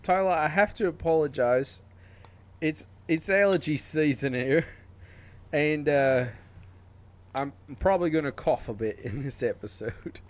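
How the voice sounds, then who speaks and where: Slow-talking teasing man. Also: a little high. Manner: teasing, crude banter. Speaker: podcast co-host. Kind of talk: casual chat.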